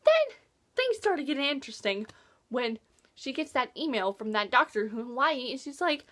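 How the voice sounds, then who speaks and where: A high-voiced teenage girl talking in a casual book review vlog. She gushes in a chatty way, full of "like" fillers, and reacts with lively asides as she retells the story. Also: normal speed. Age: teens.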